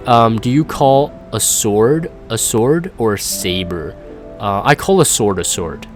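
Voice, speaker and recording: Rambling low-voiced gaming streamer. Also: male voice, animated, measured pace, faint music behind. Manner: rambling, self-deprecating, chuckles often. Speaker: gaming YouTuber. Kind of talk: casual stream chat, reading live comments.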